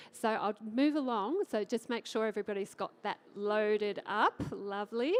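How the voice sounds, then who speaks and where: This trading educator, a middle-aged Australian woman with a slightly high voice, speaks with enthusiasm to a live conference audience from the stage. Her talk is energetic, friendly, and upbeat, and she frequently turns questions back to the crowd.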